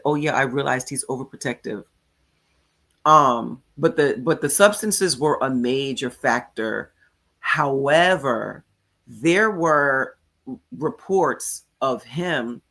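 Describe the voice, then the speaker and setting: A woman's voice: a bass voice, a bit bright, husky. A woman hosting a casual commentary show, recapping events in a chatty way and often checking in with her viewers. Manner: chatty, recounts quotes, frequent "okay?" checks. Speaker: commentary channel host. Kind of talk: casual live commentary on a court case.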